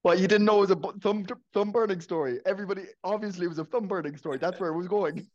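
Higher-voiced man, laughing chatty co-host. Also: rapid-fire, muffled recording. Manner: joking, laughs often, many restarts. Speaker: podcast co-host. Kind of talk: casual podcast chat.

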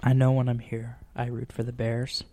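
Rambling, animated man hosting a podcast. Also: medium pitch. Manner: animated storyteller, quick and rambling. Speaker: podcast host. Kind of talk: casual chat.

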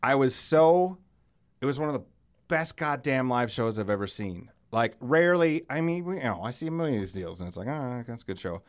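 A man hosting a podcast, telling loud, animated stories in casual chat and swearing freely. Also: mid-range voice, brisk. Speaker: podcast host.

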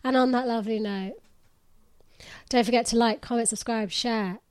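A woman's voice: on the high side, steady tone, moderate pace, a little mellow, no echo, clean studio sound. A young woman co-hosting a podcast, chatting casually and musing aloud with frequent fillers. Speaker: podcast co-host. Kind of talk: casual chat.

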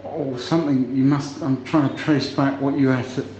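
A man stammers and restarts his way through a voicemail in a comic sketch, his pitch sitting in the middle. The recording sounds roomy and a little dull, with a faint hum of ambience behind him. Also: steady tone. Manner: halting, stammering, grows exasperated and shouting. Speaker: friend leaving voicemails.

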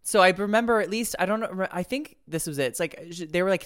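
A man chatting animatedly as a comedian guest on a podcast, with many quick restarts. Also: high-pitched, a crowd in the background. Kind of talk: casual chat.

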